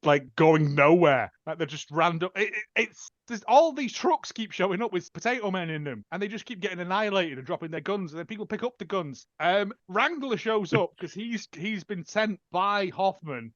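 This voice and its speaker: A man's voice: high-pitched, expressive, moderate pace, few pauses, a bit bright, no room sound, muffled recording. Rambling man recapping a film. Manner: rambling recaps with filler words and restarts. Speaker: podcast co-host. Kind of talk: casual film review chat.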